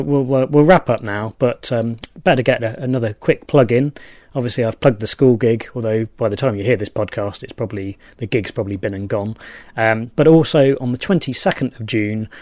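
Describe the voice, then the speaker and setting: Rambling podcast host. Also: male voice, mid-range voice, a little mellow, dry recording, clean studio sound. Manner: self-deprecating, rambling with fillers. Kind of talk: casual podcast chat.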